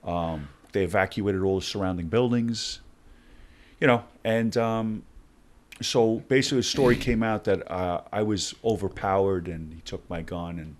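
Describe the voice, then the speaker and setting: A middle-aged man with a very low voice recounts his experiences as a podcast guest. He acts out the dialogue in lively turns, speaking in conversational bursts. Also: moderate pace, a little hiss or hum. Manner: animated storyteller acting out dialogue. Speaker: guest, former hostage negotiator. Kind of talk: storytelling in a podcast interview.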